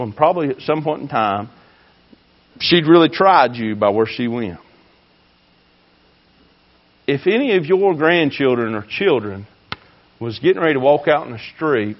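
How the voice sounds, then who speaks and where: A man preaching a fiery sermon, swinging between shouting and hushed tones. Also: fairly high pitch, animated, moderate pace, long pauses, lo-fi sound. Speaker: pastor.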